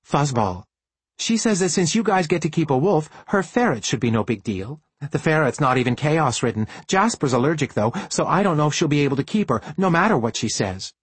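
A man's voice: fairly high pitch, expressive, a little fast, husky, dry recording, pitched above the performer's own voice. A man narrating a storybook raises his voice to play a chatty young girl who gossips eagerly.

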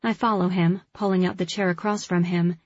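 Husky woman narrating an audiobook. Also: fairly low pitch, flat delivery, a little fast. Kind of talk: first-person scripted narration. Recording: dull lo-fi recording.

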